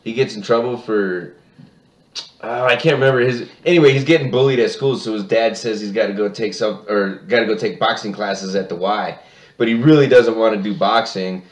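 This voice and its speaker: A man's voice: on the low side, brisk. Laughing man telling stories, echoey room. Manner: laughing storyteller, acts out voices. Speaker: podcast co-host. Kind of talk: casual chat.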